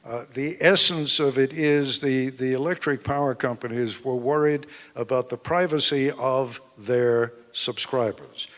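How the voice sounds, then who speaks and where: A man, an author being interviewed at a live book event, explaining points in a measured, emphatic way. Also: mid-range voice, a bit bright. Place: event hall with live audience. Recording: long hall reverb.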